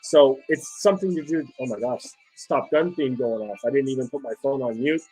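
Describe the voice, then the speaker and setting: A man's voice: medium pitch, brisk, mellow, husky, soft background music. A man hosting a casual solo talk on leadership, speaking to his viewers in a loose, conversational way and often tagging sentences with "right?". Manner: conversational, frequent "right?" tags, restarts. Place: home setup with phone nearby.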